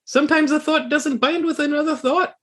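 A woman's voice: steady tone, brisk, close to an everyday voice. A game master voicing a quirky old woman who speaks in clipped, slangy phrases. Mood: musing. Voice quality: high, clipped slangy speech.

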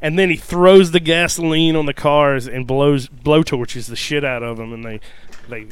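A man's voice: on the high side, steady tone, normal speed, clean tone, dry recording. A man co-hosting a horror podcast, chatting loosely about a film and swearing casually. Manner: laid-back, swears casually. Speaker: podcast co-host.

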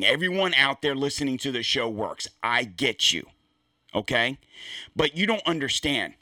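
A middle-aged man hosting his podcast, hoarse from anger, ranting furiously with constant swearing. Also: mid-range voice, sharp tone, no room sound. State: hoarse, lost voice. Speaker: podcast host. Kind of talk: angry ranting monologue.

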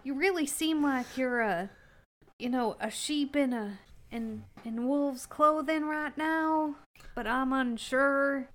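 A woman with a high voice plays her character in a tabletop game, rambling and chatty. She trails off into a steady stream of questions. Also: slow pace. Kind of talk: in-character tabletop role-play.

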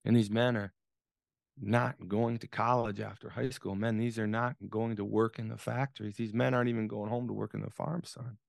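A man quoting his calm, grave father, an older coach, in a lower, hushed voice. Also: very fast, vocal fry, few pauses, dry recording. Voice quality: low, hushed, trailing into a whisper.

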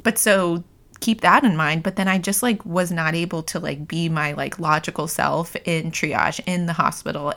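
A woman's voice: lowish voice, fairly bright tone. A woman in her thirties hosting a podcast, talking casually and candidly with many "like" fillers and easy laughter. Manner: chatty, frequent "like" fillers, laughs easily. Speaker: podcast host. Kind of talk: casual personal chat.

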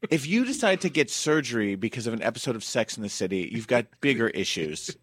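A man's voice: mid-range voice, big pitch swings, fast talker, fairly bright tone, a little hiss or hum. Chatty man hosting a podcast. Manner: chatty, with asides and fillers. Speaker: podcast host. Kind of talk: casual podcast storytelling.

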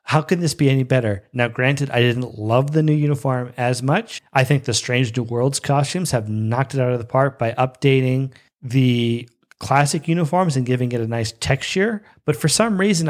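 A young man hosting a show, casually reviewing an episode with bursts of excited, high-pitched enthusiasm. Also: moderate pace. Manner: excitable, breaks into high-pitched squeals of delight.

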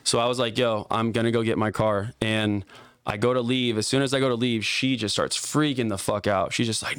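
Young man, lowish smooth voice, dry close mic; casual profane storyteller, filler-heavy. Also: fairly even intonation, fairly quick, fairly bright tone, dry recording. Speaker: guest telling a story.

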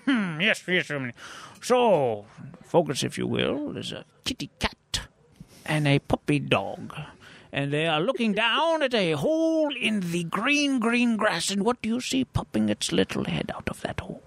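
A man's voice: high voice, sing-song, a little slow, vocal fry, a bit bright, no echo, pitched above the performer's own voice, full character voice. A man doing a hammy pun-telling joker. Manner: theatrical, swooping, partly whispered delivery. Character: corny male pun-telling joker with a playful storyteller voice.

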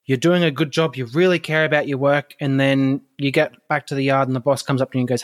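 A man talking as a podcast guest in a relaxed, animated way, laughing often. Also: mid-range voice, quick pace, hardly any pauses. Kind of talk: casual podcast conversation.

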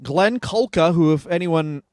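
A man, a comedian, co-hosting a podcast in fast, profane, self-mocking banter. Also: fairly high pitch, lively intonation, darkish tone, no echo, studio quality.

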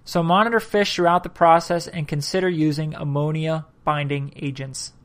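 A man's voice: a little high, steady tone. A tired man hosts a casual solo podcast, reading sources aloud between yawns. He trips over words and stops to comment on what he reads. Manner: reads aloud haltingly, stumbles and comments as he goes. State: tired, yawning. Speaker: podcast host.

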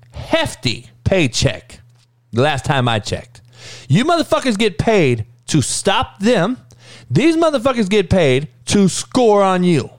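A man hosting a podcast, ranting angrily about sports with heavy profanity, mocking and swinging between loud outbursts and low mutters. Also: no room sound, clean studio sound. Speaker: podcast host.

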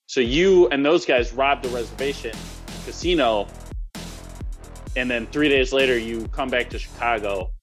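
A man's voice: mid-range voice, moderate pace, soft background music. A man in casual conversation, playfully spinning joking hypothetical scenarios for his co-host. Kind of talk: casual chat.

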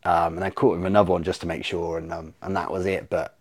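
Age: adult. Sex: man. Pitch: lowish. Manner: animated, swearing storyteller. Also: fast. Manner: animated, swears freely, acts out his own reactions. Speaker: podcast guest. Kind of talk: casual storytelling chat.

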